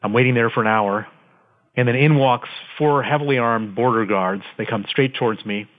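A man recounts events as an interview guest, building each scene with dramatic detail. His voice sits at an ordinary middle pitch. It comes through a thin, tinny phone line from an office. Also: normal speed. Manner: vivid, dramatic storyteller. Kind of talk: conversational storytelling.

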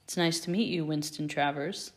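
A woman voicing a gentle, warmly teasing adult man who mentors a group of students. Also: sits low, steady tone, moderate pace, lightly acted. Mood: welcoming. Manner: mock-solemn, welcoming.

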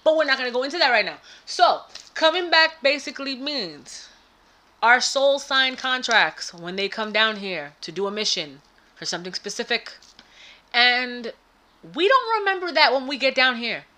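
A woman co-hosting a casual spiritual podcast, talking in an animated way that swings into loud laughing outbursts. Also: fairly high pitch, normal speed. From United States. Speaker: podcast co-host and spiritual advisor. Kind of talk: casual chat.

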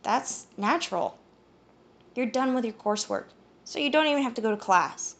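Woman voicing a supportive young man, reassuring, a bit higher than her narration, storybook. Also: expressive, moderate pace, vocal fry.

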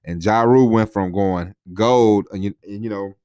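A man's voice: fairly low pitch, normal speed, a little mellow, dry recording, studio quality. A man hosting a podcast, talking casually and at length, repeating himself and often asking "you know what I mean?". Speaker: podcast host. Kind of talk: casual solo podcast talk.

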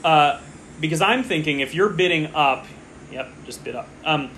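A man's voice: fairly high pitch, moderate pace, pushed and bright, slight background noise. A man co-hosting a casual podcast, chatting and rambling as he follows a fantasy football draft and gets distracted mid-story. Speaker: podcast co-host.

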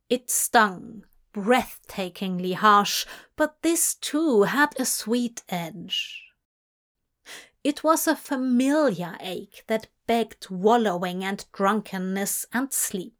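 A woman reading a fanfic audiobook as measured scripted narration. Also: mid-range voice, a bit bright. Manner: slow, measured storytelling.

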